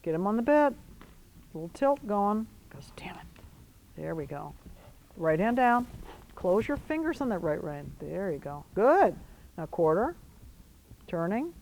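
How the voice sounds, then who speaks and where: Lady riding coach in an arena, quick commands and encouragement, medium voice. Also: medium pitch, very animated, a little mellow, a little hiss or hum, low-quality recording. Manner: brisk commands mixed with encouragement. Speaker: riding instructor. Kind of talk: coaching a rider.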